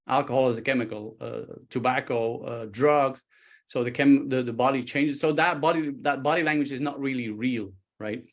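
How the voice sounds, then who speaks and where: A man, a guest expert on a talk show, explaining body language with lively stories, acting out quoted speech and often restarting his sentences. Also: medium pitch. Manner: animated, acts out quoted speech, frequent restarts.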